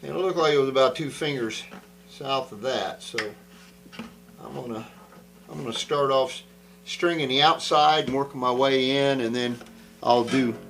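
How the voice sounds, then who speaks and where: A man's voice: mid-range voice, moderate pace, creaky, a bit bright, rough recording. A man talking casually to the camera while repairing an old guitar, rambling and thinking aloud as he works.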